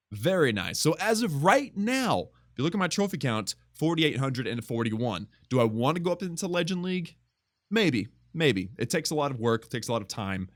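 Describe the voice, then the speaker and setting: A young man giving casual, excitable commentary over his own gameplay as a gaming YouTuber. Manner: excitable, bursts of high-pitched excitement.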